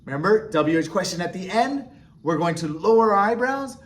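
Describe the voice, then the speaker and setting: A man's voice: high voice, animated, a little fast. A man teaching sign language step by step, patiently checking in with short "okay?" questions. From United States. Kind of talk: instructional explanation.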